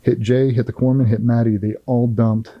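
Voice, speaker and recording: A man's voice: mid-range voice, flat delivery, normal speed, muffled recording. A middle-aged man, a former Navy SEAL, telling a firsthand war story in an interview in a blunt, profane, vivid way.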